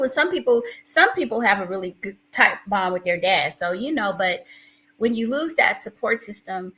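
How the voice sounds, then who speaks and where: Bright-voiced emotional woman streamer. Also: medium pitch, a little fast, rough recording. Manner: emotional, self-described crier, rambling restarts. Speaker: live-stream host reading viewer chat. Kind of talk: casual live-stream chat.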